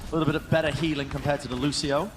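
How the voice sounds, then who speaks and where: A man doing fast, excited play-by-play commentary on an esports match. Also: on the high side, noisy background. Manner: excited, builds to shouts on big plays. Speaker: esports caster.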